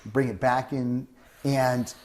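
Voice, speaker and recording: A man's voice: medium pitch, steady tone, slow, darkish tone. A man hosting a casual chat, rambling with frequent restarts and acting out what other people say. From Southern California. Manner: rambling, restarts often, acts out quoted people. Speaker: host.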